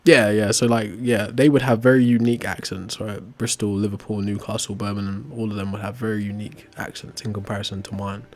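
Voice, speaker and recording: A man's voice: lowish voice, flat delivery, a little fast, hardly any pauses. An English man with a working-class accent, chatting casually while gaming and often asking "right?". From England. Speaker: streamer.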